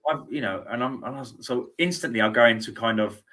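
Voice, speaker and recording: A man's voice: medium pitch, fast, bright, forceful tone. A middle-aged man hosting a sports show, chatting casually and repeating words as he thinks aloud. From United Kingdom. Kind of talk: casual studio interview chat.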